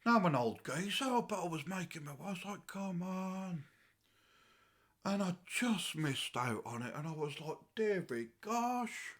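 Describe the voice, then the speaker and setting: A man's voice: sits high, big pitch swings, measured pace, fairly bright tone, exaggerated voice. A man puts on a cranky old English grandad who rambles on and on, his voice leaping up and plunging down as he swings from muttering to outrage. The English accent is broad and chatty, and the tone stays aggrieved and comic throughout. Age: older. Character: grumbling old English grandad, easily riled. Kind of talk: comic character monologue.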